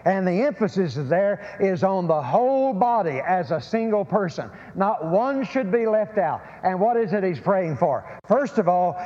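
A man's voice: high-pitched, warm tone. A man preaching a sermon, emphatic and prone to repeating words and restarting phrases. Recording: lo-fi sermon recording in a reverberant hall.

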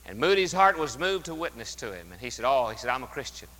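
A man's voice: mid-range voice, very animated, fast talker. Emphatic preacher man in a reverberant sanctuary. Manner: emphatic, swings from loud to hushed. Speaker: pastor. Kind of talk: sermon. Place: church sanctuary.

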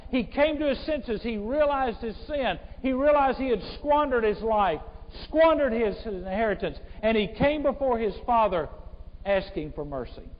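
A male pastor preaching a sermon to a congregation, swinging from loud emphatic lines to hushed tones. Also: sits high. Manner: speaks to a congregation, addressing them as folks. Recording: muffled church recording with long hall reverb.

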